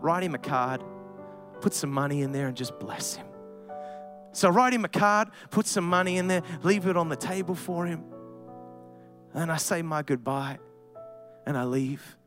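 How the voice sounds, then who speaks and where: A man with a notably high voice delivers an animated sermon, weaving a personal story into his preaching. He climbs into loud, emphatic passages as he addresses the congregation. Soft music plays faintly beneath him. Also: moderate pace, long pauses.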